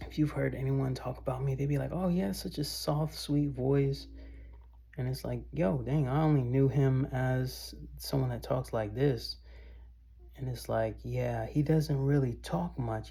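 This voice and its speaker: A man rambles to his viewers in a casual vlog monologue, drifting from thought to thought. His voice is heavily gravelly with constant fry, dark and husky, and he keeps calling his listeners "bro.". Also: medium pitch. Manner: loose and meandering, often says "bro" and "y'all". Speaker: vlogger.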